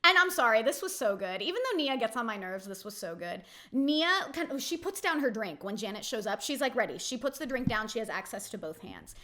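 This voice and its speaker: A woman's voice: on the high side, sing-song, a little fast, few pauses, sharp tone. A young woman hosting a casual reality TV recap, chatty and opinionated, peppering her talk with "like". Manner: chatty, opinionated, heavy use of "like".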